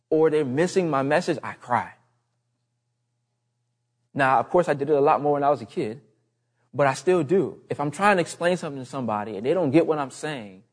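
A man preaching a sermon in an earnest, emphatic way, repeating his key phrases. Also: on the high side.

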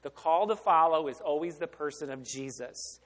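High-voiced preacher in a reverberant church. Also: male voice, normal speed. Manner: preaching with rhetorical questions, swinging from loud emphasis to hushed. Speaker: pastor. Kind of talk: sermon. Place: church sanctuary.

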